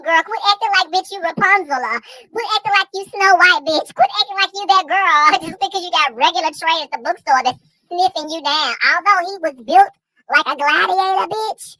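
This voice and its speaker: A man's voice: extremely high pitch, expressive, moderate pace, sharp tone, dry recording, pitched above the performer's own voice, exaggerated voice. A man voicing a sassy, teasing alter-ego girlfriend who ribs him with profane banter.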